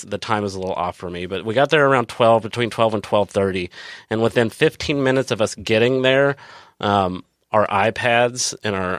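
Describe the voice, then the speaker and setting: A man speaking as a guest in a relaxed, storytelling way. His voice sits low and he rambles, stopping and restarting often. The sound is dry, with no room echo. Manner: rambling, many fillers and restarts. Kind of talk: casual storytelling.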